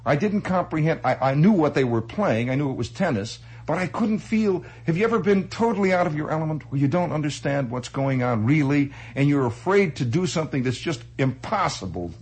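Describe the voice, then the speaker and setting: Animated, lively male storyteller. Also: on the high side, brisk, few pauses, breathy edge, low-quality recording. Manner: animated, chatty, laughs through his telling. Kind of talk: spoken anecdote.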